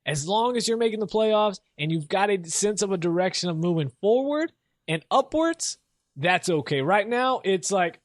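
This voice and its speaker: Recorded cleanly in a studio with no room sound, this young male sports podcast host has an expressive, high-sitting voice at a normal speed. Alone on his show, he rants casually, meanders, mocks himself, and laughs frequently.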